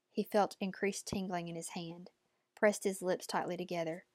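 Woman reading an audiobook, steady and tense, dry studio mic. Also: lowish voice, no echo. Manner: measured, tense storytelling. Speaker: narrator. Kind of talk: audiobook narration.

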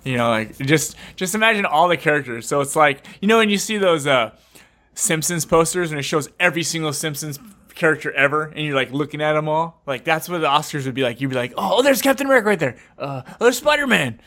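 A young man co-hosting a podcast, chatting casually and swearing, jumping into loud put-on voices. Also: a little high, fast. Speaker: podcast co-host. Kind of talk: casual chat.

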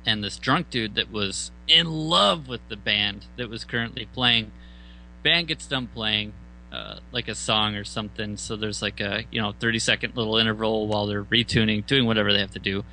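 Profane, animated male storyteller. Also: lowish voice, normal speed, slight background noise, rough recording. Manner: profane, animated retelling with loud mock outbursts. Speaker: band member telling a story. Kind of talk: casual storytelling.

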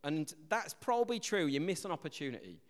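A man's voice: a little high, very animated, brisk, in a large hall. A man preaching a sermon in a conversational way, with joking asides.

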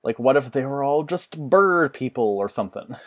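A man's voice: mid-range voice, animated, normal speed, a bit bright. A man co-hosting a podcast in casual chat, playful and jokey. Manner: playful, jokey, puts on silly voices. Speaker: podcast co-host.

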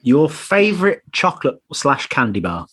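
Husky host, lively delivery. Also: male voice, medium pitch. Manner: upbeat, brisk, runs the quick fire questions. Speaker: podcast host. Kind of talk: casual interview chat.

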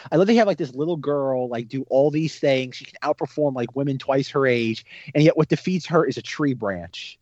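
A man chatting casually about a film, animated and sarcastic, with lots of "like". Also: mid-range voice, fairly quick, hardly any pauses, dry recording, highs cut off. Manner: animated, sarcastic, heavy use of "like". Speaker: podcast co-host. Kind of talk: casual film review chat.

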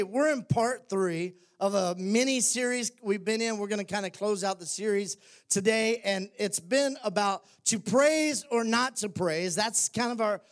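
A man preaching a lively sermon to a congregation as lead pastor, joking with the crowd and raising his voice on scripture. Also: high voice. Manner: energetic, jokes with the congregation, rises to shouts on scripture. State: out of breath. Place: church hall before a congregation.

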